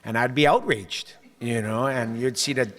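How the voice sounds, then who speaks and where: A man addresses a business group as mayor, his mid-pitched voice ringing through a hall with a long reverb tail. He tells stories animatedly and slips into the voices of the people he quotes. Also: normal speed. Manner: animated storytelling, acts out quoted voices with laughs. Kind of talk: public speech to a business group.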